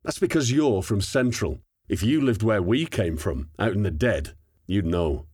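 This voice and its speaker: A man voicing a wry young male soldier who talks quietly. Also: fairly low pitch, lively intonation, a little slow, husky, no room sound.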